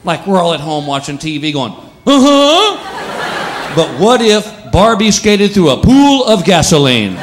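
A man doing stand-up comedy, animated and slipping into quick voices for his bits. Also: high voice. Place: live comedy venue with laughing audience. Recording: live stage recording with crowd noise.

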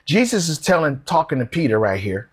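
A man's voice: a little high, sing-song, a little fast, slightly rough. A man preaching a sermon, explaining scripture in plain, street-wise everyday talk.

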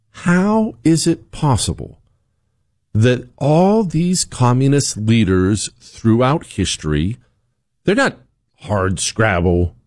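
A man hosting a talk show, delivering an opinionated commentary monologue with sarcasm and repeated rhetorical questions. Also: sits high. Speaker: show host.

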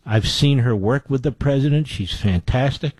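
A political talk show host speaks at normal speed in a mid-range, darkish voice with no echo. His monologue is opinionated and indignant, and he emphatically repeats phrases for effect.

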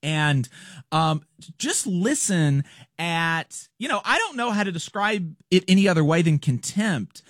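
A man hosting a political commentary show, talking casually, animated and scornful, laughing often. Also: a little high, measured pace, dry recording, clean studio sound.

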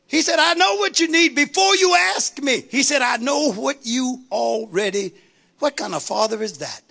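A woman's voice: high-pitched, animated, normal speed, gravelly, fairly bright tone. A woman preacher delivering a sermon in a rhythmic call-and-response style, building to rising exclamations.

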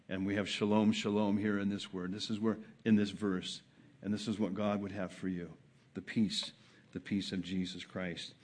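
Impassioned male preacher, swinging soft to loud. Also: on the low side, steady tone, moderate pace. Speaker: pastor. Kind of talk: sermon. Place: church service.

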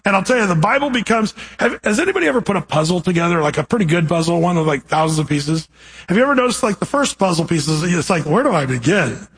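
Pastor, male, husky higher voice, earnest verse-by-verse preacher who quizzes the pews. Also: animated, fast talker, fairly bright tone, poor audio. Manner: earnest, asks the congregation direct questions. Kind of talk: verse-by-verse sermon.

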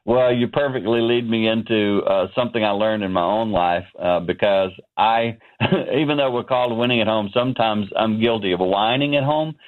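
A man's voice: on the low side, moderate pace. Fifties guy calling in from his office, earnest storyteller, thin phone sound. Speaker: guest, ministry founder. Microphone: phone line. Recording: tinny phone line.

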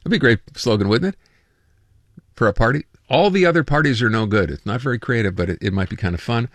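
A man's voice: mid-range voice, lively intonation, fast, dry recording, studio quality. A man hosting a call-in radio show, chatting casually and reading listener texts aloud with amusement. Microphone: studio microphone.

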